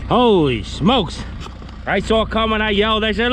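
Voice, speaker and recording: A man with a high, animated voice talks enthusiastically to a camera mounted on his bulldozer out in the woods. He is an excavating contractor. A heavy engine drones loudly under every word. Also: normal speed. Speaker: excavating contractor, owner operator. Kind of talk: casual vlog talk while working. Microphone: camera mounted on the machine. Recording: loud heavy engine noise. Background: loud running bulldozer engine.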